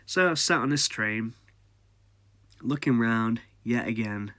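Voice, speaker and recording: A man's voice: medium pitch, takes it slowly, sharp tone, dry recording. A man, casually telling a personal ghost story as a podcast host, chatty and often laughing.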